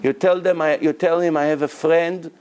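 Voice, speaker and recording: A man delivering a rabbinic lecture in an emphatic, insistent way, often repeating a word to drive it home. His voice sits a little higher than most men's. His grammar slips now and then. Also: fairly even intonation, normal speed, clean tone. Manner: emphatic, repeats words for stress, non-native grammar; breaks into loud acted shouting of prayers and quotes. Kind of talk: Torah lecture to a congregation.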